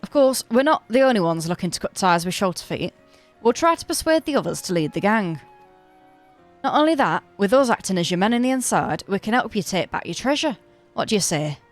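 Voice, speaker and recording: A woman's voice: medium pitch, very animated, brisk, soft background music. A woman reading aloud as an earnest, reformed young gang member, in a northern English accent. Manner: reading game dialogue aloud, plain earnest delivery.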